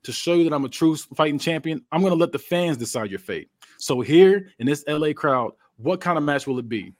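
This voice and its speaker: A man's voice: a little high, lively intonation, fairly quick, no room sound, clean studio sound, close to an everyday voice. A man cutting a promo as a cocky wrestling champ. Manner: cocky, boastful trash talk. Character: brash trash-talking male wrestling champion.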